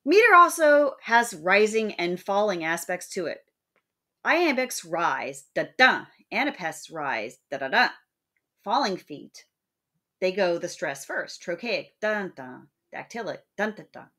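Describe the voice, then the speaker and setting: A woman talks through a recorded lecture in a plain, explanatory way. She breaks into a sing-song rhythm whenever she reads a verse example aloud, then goes back to her steady teaching voice. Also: mid-range voice.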